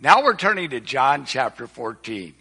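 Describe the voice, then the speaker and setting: Older man preaching, folksy earnest sermon, bright ringing tone, long church reverb. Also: medium pitch, very animated, moderate pace, creaky, breathy edge. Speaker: visiting preacher. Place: church sanctuary. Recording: echoey hall with long reverb.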